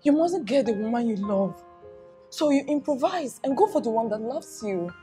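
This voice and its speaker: A woman's voice: on the high side, lively intonation, normal speed, warm tone, soft background music, lightly acted. An actress with a Nigerian accent playing a lovesick, forward young woman colleague who pleads earnestly. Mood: pleading. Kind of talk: Nollywood film acting.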